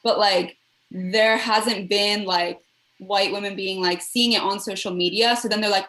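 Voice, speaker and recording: A woman joins a panel over a video call and thinks aloud, leaning on "like" fillers as she goes. Her voice sits at an ordinary pitch and carries a noticeably roomy echo. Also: steady tone, moderate pace, a bit bright. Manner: reflective, many "like" fillers. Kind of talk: casual panel discussion.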